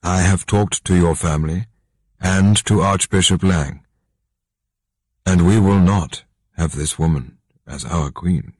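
A man's voice: low voice, slow pace, a little mellow, slightly rough, dry recording, exaggerated voice. A man reading an audiobook, voicing a firm, formal older statesman.

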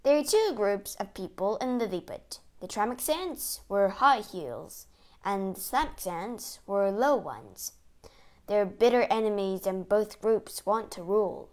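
A woman voicing an anxious male court secretary, pleading urgently in a higher voice. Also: lively intonation, unhurried. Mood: worried.

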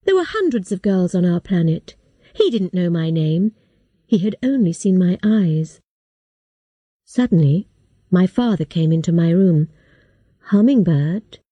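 A woman narrates a first-person story in a calm, measured audiobook reading. She reads slowly, and her voice is mellow and dark. The recording is dry and close, with no room sound. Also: fairly low pitch, no echo, muffled recording.

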